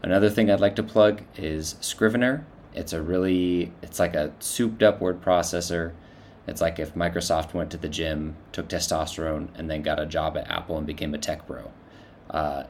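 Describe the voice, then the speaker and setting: Deep-voiced man reading his story. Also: moderate pace, a little hiss or hum. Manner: relaxed, joking, reads characters with small voice shifts. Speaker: author and narrator. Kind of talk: casual plug then storybook reading.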